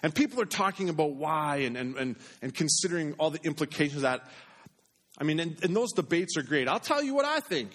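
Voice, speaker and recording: A man preaching a sermon in an earnest way, repeating phrases for emphasis and dropping to a hush on key points. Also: fairly high pitch, brisk. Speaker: pastor.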